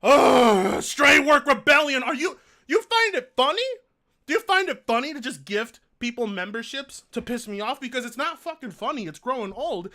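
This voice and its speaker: A man's voice: very high-pitched, lively intonation, moderate pace, sharp tone. A man streaming live, reading donations aloud, swearing and groaning in pain in a whiny, exasperated way. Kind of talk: casual live-stream chat.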